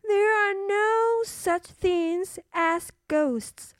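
A woman voicing a brisk, no-nonsense grown-up maid who scolds firmly. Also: very high voice, no room sound, studio quality, voice pushed up, heavily acted. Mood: dismissive.

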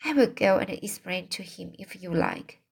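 A woman's voice: lowish voice, very animated, moderate pace, creaky, breathy edge, heavily acted. A woman reading aloud, voicing a stern, practical older woman who scolds curtly.

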